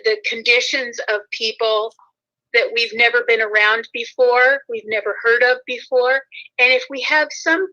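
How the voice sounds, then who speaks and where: A woman's voice: fairly high pitch, muffled recording. A woman guest in a casual chat, earnest and giggly as she talks. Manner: warm-hearted, giggly, earnest.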